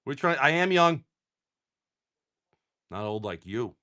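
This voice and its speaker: A young man rattles off card names in quick lists and jokes with his chat as he opens packs on a live stream. His pitch swings widely, jumping up and down as he talks. The delivery is loose and rambling. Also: big pitch swings, sharp tone. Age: young adult.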